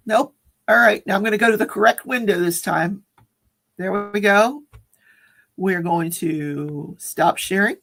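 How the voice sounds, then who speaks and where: A woman's voice: medium pitch, a little slow, fairly bright tone. A woman hosting a casual livestream chat, reading viewer comments and telling stories with frequent laughter. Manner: chatty, laughs often, storytelling. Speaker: livestream host.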